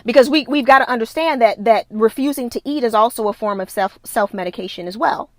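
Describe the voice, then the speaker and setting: Emphatic high-voiced woman coach. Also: quick pace, no echo. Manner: emphatic, repetitive, preachy. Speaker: wellness coach. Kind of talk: live-streamed motivational talk. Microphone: phone.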